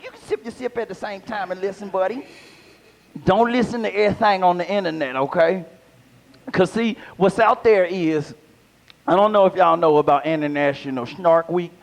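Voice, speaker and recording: A man performing a live stand-up set, talking back and forth with the crowd. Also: sits high. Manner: animated crowd work, talks to audience. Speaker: stand-up comedian. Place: small live venue.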